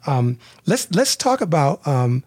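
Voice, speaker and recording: A man's voice: a little high, big pitch swings, measured pace, a little mellow, breathy edge, no echo. A man hosting a podcast interview, talking earnestly and repeating words as he restarts. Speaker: podcast host. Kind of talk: casual interview talk.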